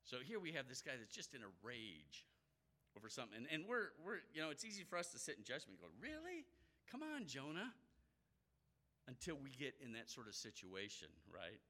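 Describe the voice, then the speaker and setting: A man preaching a sermon in an animated way, acting out the voices he quotes. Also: mid-range voice, quick pace.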